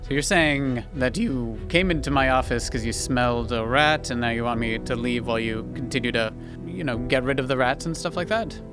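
A man's voice: medium pitch, brisk, music in the background, lightly acted. A man playing a suspicious scheming doctor. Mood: probing. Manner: polite on the surface, probing.

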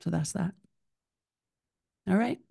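A woman in her thirties hosting a solo podcast, talking in an animated, emotional, chatty way with lots of "like". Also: medium pitch, slow, vocal fry, slightly rough, dry recording, clean studio sound. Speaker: podcast host.

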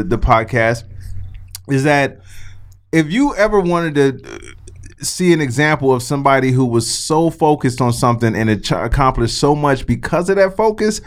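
A man co-hosting a podcast, telling stories in an animated way and swearing freely. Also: medium pitch, clean tone. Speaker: podcast co-host. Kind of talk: casual podcast chat.

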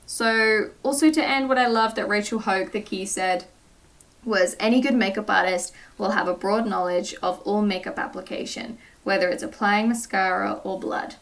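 A woman's voice: mid-range voice, fairly even intonation, moderate pace, fairly bright tone, far from the mic, rough recording. A British woman co-hosting a podcast in casual chat, giggly and self-deprecating. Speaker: podcast co-host.

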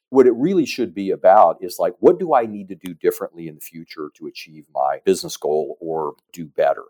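A man in middle age speaks as a podcast guest, laying out his points at an easy, measured pace. His voice sits low and often leans on "you know" as he goes. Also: a little mellow. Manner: measured, explanatory, frequent "you know" fillers. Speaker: guest, business advisor. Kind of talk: conversational podcast interview.

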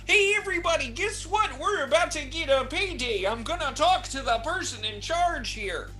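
Gm doing a folksy greedy sergeant guy, tags stuff onto every line, bouncy pitch. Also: expressive, moderate pace, bright, forceful tone. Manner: folksy drawl with filler tags.

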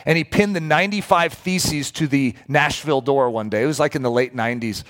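A middle-aged man preaching in a storytelling way, animated and breaking into acted-out quotes. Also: mid-range voice, fairly quick. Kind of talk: storytelling sermon.

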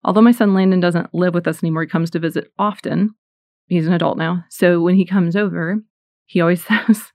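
A woman's voice: lowish voice, steady tone, brisk, darkish tone, dry recording. A middle-aged woman from the United States giving a casual, earnest faith talk, chatty and full of fillers. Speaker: Christian speaker.

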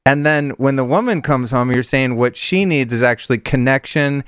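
A man's voice: mid-range voice, moderate pace, a bit bright, smooth, dry recording, studio quality. A man hosting an interview, chatting candidly and sharing his own experiences. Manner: candid, shares personal stories. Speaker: podcast host. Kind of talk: casual interview talk.

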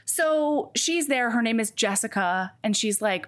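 A woman's voice: fairly high pitch, animated, measured pace, fairly bright tone. A young woman co-hosting a podcast, chatting casually, laughing and swearing often. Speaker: podcast co-host. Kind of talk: casual chat.

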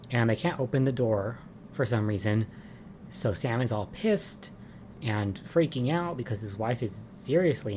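A man's voice: lowish voice, a little mellow, a little hiss or hum. A man giving a casual, chatty recap of soap opera episodes, with lots of "um" and "like" and amused asides.

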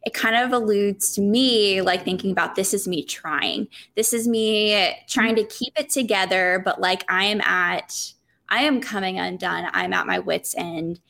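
A woman's voice: mid-range voice, a little slow, vocal fry, a bit bright. A woman from South Carolina, a podcast guest chatting casually with many "like" fillers.

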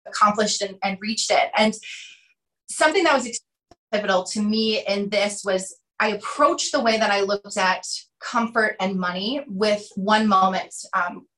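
A woman in her thirties, a podcast guest talking through ideas and acting out quotes in animated storytelling. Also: mid-range voice, unhurried, reverberant, low-quality recording. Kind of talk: conversational interview.

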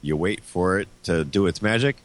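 A man's voice: low-pitched, normal speed. A man who is a car repair guest on a podcast, explaining a fix step by step in casual chat.

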